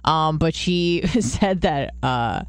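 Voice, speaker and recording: A woman co-hosting a podcast, telling stories in casual chat, swearing freely and jumping into high quoted voices. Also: lively intonation, takes it slowly, smooth, no echo, studio quality. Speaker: podcast co-host.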